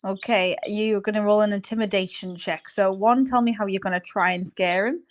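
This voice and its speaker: A woman's voice: medium pitch, steady tone, fairly quick. Woman, game master, casual rules-explaining narration, lots of "kind of" and "uh". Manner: hesitant, filler-heavy, explaining rules.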